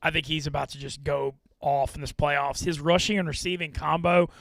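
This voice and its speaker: A man co-hosting a casual sports betting podcast, confidently pitching his picks. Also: little pitch movement, normal speed, gravelly, a bit bright, dry recording. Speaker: co-host.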